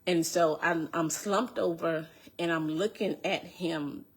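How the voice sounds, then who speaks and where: A middle-aged woman telling an emotional personal testimony in an earnest, halting way, repeating phrases as she goes. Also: on the low side, fairly even intonation, breathy edge. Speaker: speaker giving a personal testimony.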